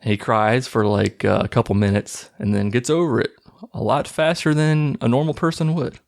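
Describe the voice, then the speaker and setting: A man's voice: mid-range voice, fairly even intonation, normal speed, vocal fry. A man casually recapping a movie plot in a mocking, incredulous tone.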